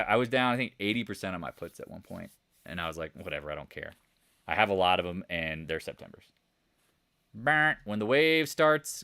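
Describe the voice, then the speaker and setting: A man hosting a live market commentary stream, talking in a blunt, animated, sarcastic way. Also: fairly low pitch, no room sound, clean studio sound. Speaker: host of a trading channel.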